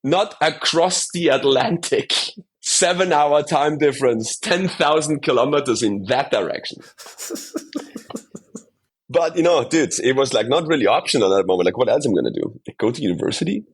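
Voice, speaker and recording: A man from Austria with a husky voice, a native German speaker, sits in a podcast interview. His pitch sits in the middle of the range. He tells his story in a casual, animated way, swearing freely and calling the listener "dude.". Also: normal speed. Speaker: podcast guest.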